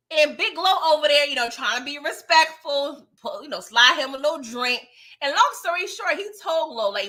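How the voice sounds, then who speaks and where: A woman recapping TV episodes in casual, slangy commentary, animated and sassy, swearing freely. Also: high voice. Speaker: show reviewer.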